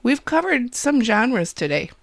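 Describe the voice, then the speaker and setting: A woman's voice: fairly high pitch, very animated, a little slow, vocal fry, dry recording. A woman with a Wisconsin accent hosting a college radio show, chatting casually with rambling, self-deprecating jokes.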